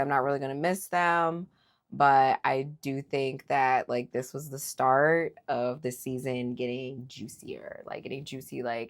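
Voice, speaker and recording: A woman's voice: low-pitched, vocal fry. A woman giving a casual, opinionated recap of a reality show, chatty and full of fillers. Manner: opinionated, animated, lots of fillers. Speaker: recap host.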